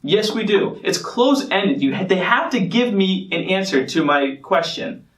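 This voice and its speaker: Guy coaching insurance sales, emphatic, kinda high voice, mic a bit far off. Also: expressive, normal speed, fairly bright tone, reverberant. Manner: confident, emphatic, acts out phone call snippets. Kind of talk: sales training talk.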